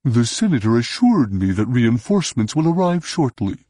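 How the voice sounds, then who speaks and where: A man's voice: medium pitch, sing-song, moderate pace, mellow, slightly rough, no echo, studio quality. A man voicing a large, sly male alien who growls and speaks formally. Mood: insistent.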